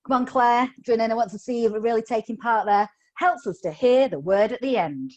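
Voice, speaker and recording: A woman's voice: fairly high pitch, a little fast, hardly any pauses, a little mellow. A middle-aged woman training teachers in phonics over a video call, upbeat, coaxing and playful. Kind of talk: live online teacher training.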